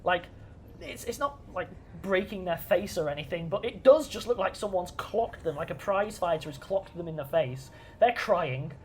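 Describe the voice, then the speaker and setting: A woman's voice: lowish voice, animated, moderate pace, a little mellow, a little hiss or hum. A woman narrating as game master of a tabletop game, chatty and full of restarts.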